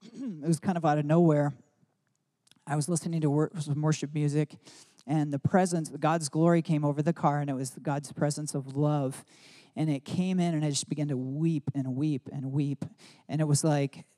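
A man preaches through personal stories in a loose, rambling way, leaning on "like" as he goes. His voice sits a little high but sounds mellow and warm. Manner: casual, rambling, many "like" fillers. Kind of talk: sermon storytelling.

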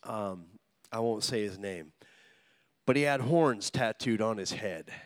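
A pastor delivers a sermon at an unhurried pace, his animated delivery swooping up and down in pitch. He tells humorous stories, voices the characters, and draws the congregation into call-and-response. The recording is dry and close, with no room sound.

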